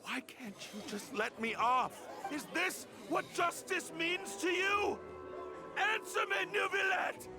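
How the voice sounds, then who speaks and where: An actor playing a desperate accused man who pleads with the court in a game cutscene, his voice climbing into shouts. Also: very high voice, takes it slowly, a crowd in the background, heavily acted. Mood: desperate pleading. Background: game music score.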